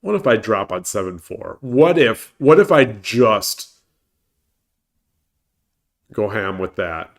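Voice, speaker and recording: A man's voice: on the low side, big pitch swings, slow pace, pauses often. A man with a head cold and a congested voice, streaming live and thinking aloud as he works through board-game puzzles in a hesitant, self-correcting mutter. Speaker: shogi streamer.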